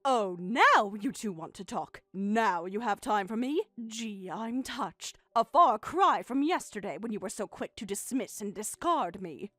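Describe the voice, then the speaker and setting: A woman's voice: medium pitch, lively intonation, normal speed, hardly any pauses, a bit bright, no room sound, clean studio sound, pitched below the performer's own voice. A woman voicing a bitter, hurt middle-aged mother in a dramatized text-story reading, speaking in a cold, sarcastic, clipped way.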